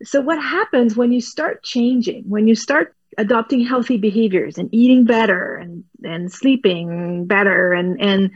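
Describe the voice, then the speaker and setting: A woman's voice: a little high, measured pace, few pauses, no echo, dull audio. A woman guest in an interview, explaining animatedly, laughing often and restarting words as she goes. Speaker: guest expert.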